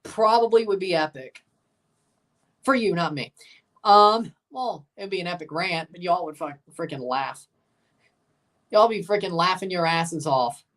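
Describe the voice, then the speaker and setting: A woman's voice: on the low side, measured pace, long pauses, distant mic. A woman streamer gives live reactions over a soccer match. She teases her viewers with loose, profane banter and slips into little sing-song chants between calls of the minute. Her talk is unscripted, like a fan on the couch. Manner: banters with viewers, swears, chants and sings along. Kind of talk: live watchalong commentary.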